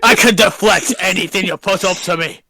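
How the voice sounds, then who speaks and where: Woman, casual podcast banter, teasing, husky and bright. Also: lowish voice, brisk, dry recording. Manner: playful, teasing. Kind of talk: casual chat among friends.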